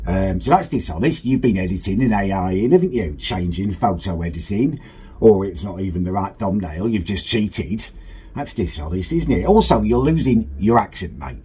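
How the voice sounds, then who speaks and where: A man's voice: darkish tone, breathy edge. A man from northern England hosting a comedic reaction video, mock-pompous and indignant. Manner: mock-pompous, indignant, wildly swinging pitch. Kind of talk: comedic reaction commentary in character.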